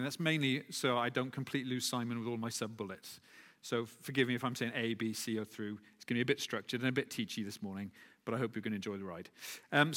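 Long hall reverb colors the recording of a man preaching in a chatty way, pausing for asides and fixing his own wording. His voice is mid-range and fairly bright.

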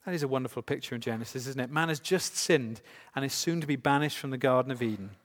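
A man with a mid-range voice preaches a sermon to a congregation at a quick pace, emphatic and full of rhetorical questions. The recording has long hall reverb.

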